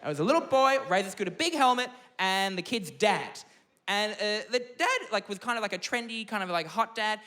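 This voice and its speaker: Animated Australian man doing stand-up. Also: brisk. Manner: animated, camp, swoops into high put-on voices. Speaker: stand-up comedian. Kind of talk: stand-up comedy set. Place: theatre stage before a live audience.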